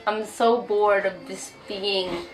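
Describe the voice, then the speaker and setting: A woman's voice: mid-range voice, fairly even intonation, slow, soft background music, voice pushed down, natural voice, poor audio. A woman voicing a cocky young male college student, joking and casual. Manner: casual, jokey.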